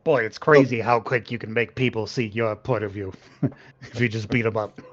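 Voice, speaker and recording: A man's voice: on the low side, fairly even intonation, normal speed, no room sound. Joking male tabletop player. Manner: joking, laughing, calls others brother. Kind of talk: playing a tabletop game. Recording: dull dry lo-fi audio.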